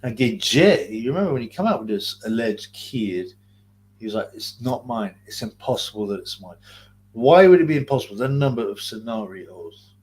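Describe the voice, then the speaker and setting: A man's voice: mid-range voice, animated, brisk, a little mellow. A man with a London accent hosting a casual livestream, rambling in slang and reading chat comments aloud. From Greater London. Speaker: livestream host.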